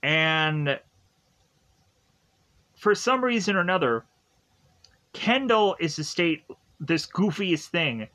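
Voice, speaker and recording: A man's voice: on the high side, expressive, slow pace, long pauses, pushed and bright, rough recording. A young man giving a casual, rambling episode recap, full of fillers, asides and jokes. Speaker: show reviewer.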